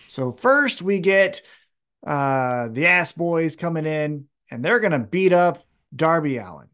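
A man's voice: fairly high pitch, animated, slow pace, fairly bright tone, smooth. A man co-hosting a casual wrestling podcast, talking animatedly with plenty of swearing and acting out quotes in raised voices. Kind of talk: casual chat.

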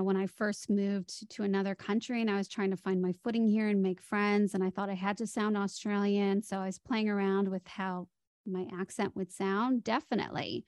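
A woman's voice: medium pitch, dry recording, studio quality. A middle-aged woman with an American accent, explaining speech patterns as a voice coach in an interview. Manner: explanatory, demonstrates speech melody with her voice. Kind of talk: podcast interview guest.

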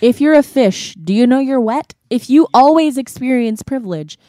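A woman's voice: high-pitched, lively intonation, moderate pace, dark tone, dry recording, clean studio sound. A woman co-hosting a casual podcast in a living room, chiming in, agreeing, and speaking tentatively. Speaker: podcast co-host. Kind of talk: casual conversation.

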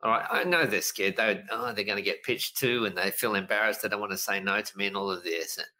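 A middle-aged business coach in a casual podcast interview, telling stories in an animated way and acting out quotes. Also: male voice, lowish voice, fast, low-quality recording. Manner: animated storyteller, lively voices for quotes, frequent laughs.

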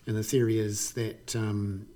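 A man's voice: lowish voice, level tone, a little slow, dark tone. A man with a New Zealand accent giving a casual, wry spoken commentary on markets, chatty with frequent fillers and bursts of emphasis. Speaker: economics commentator.

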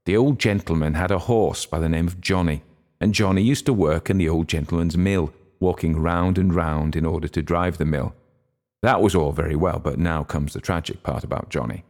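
A man reads a classic short story aloud as an audiobook narrator. His voice sits very low, and he keeps a measured, steady pace through the narration. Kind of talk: audiobook reading.

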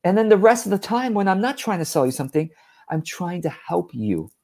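A man's voice: high-pitched, big pitch swings, fairly quick, gravelly, a little mellow. A man giving a direct-to-camera business talk in a blunt, exasperated, emphatic manner. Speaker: business coach.

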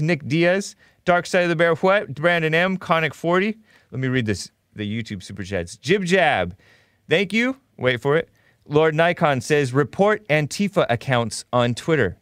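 A man hosting a talk show, reading out viewer chat messages in a sarcastic, animated way and laughing often. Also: medium pitch, dry recording, studio quality. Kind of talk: reading live chat and taking calls.

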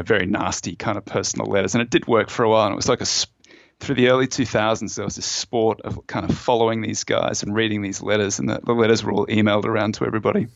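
A man's voice: fairly low pitch, creaky, no room sound, lo-fi sound. A man as a podcast guest, explaining at length and storytelling with fillers and restarts. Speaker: author and fund manager, guest. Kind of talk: conversational explanation in a podcast interview.

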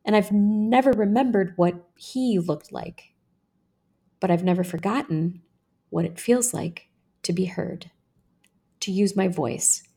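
A woman podcast host reading her own personal essay aloud in a measured, earnest way. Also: on the low side, gravelly, warm tone, slightly rough.

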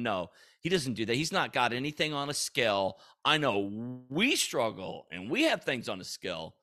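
This man hosts a faith podcast and talks in a middle-pitched voice. His delivery is casual and earnest. He rambles, repeats himself and restarts his sentences, and he bursts into animation now and then. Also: sing-song, normal speed, few pauses, sharp tone. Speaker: podcast host. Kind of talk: casual Christian podcast teaching.

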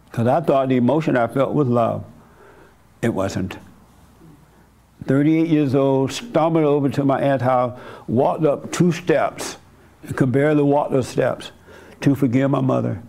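Older male pastor with a gravelly voice, mid-pitched, preaching with acted-out quotes. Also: darkish tone. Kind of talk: sermon.

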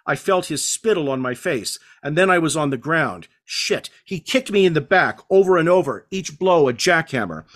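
A male author reads his own crime novel aloud in a measured, hard-edged first-person voice. His speaking voice sits somewhat high for a man. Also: lively intonation, fairly bright tone.

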